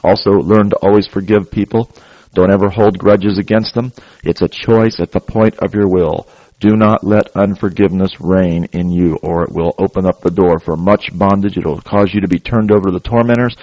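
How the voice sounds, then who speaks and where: A man's voice: low-pitched, fairly even intonation, moderate pace, dry recording, muffled recording. A man preaching a sermon, urging his listeners in an earnest, exhorting way and often adding "praise God.".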